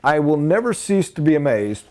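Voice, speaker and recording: A man giving a sales training talk, animated and emphatic, blunt and informal, with sudden loud high bursts. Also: moderate pace.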